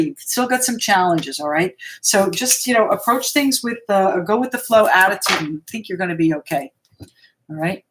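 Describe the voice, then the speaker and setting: Chatty, reassuring woman reading tarot live. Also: mid-range voice. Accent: American. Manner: chatty and reassuring, thinks aloud between cards. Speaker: tarot reader hosting a live Q&A. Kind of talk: live-stream card reading, answering viewers.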